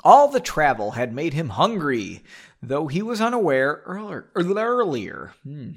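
A man's voice: fairly high pitch, sing-song, unhurried. A man hosting a podcast, reading his own novel aloud with playful, self-mocking asides to listeners. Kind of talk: casual story reading with joking asides.

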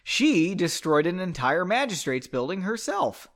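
A man voicing an excitable young boy in a storybook reading, in a high, eager voice. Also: measured pace, full character voice.

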